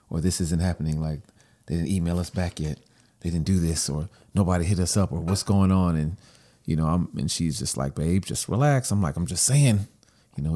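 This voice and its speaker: A young man co-hosting a podcast in casual chat, telling stories with animation and acting out what others said. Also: low-pitched. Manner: animated storyteller, acts out quoted lines. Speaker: podcast co-host.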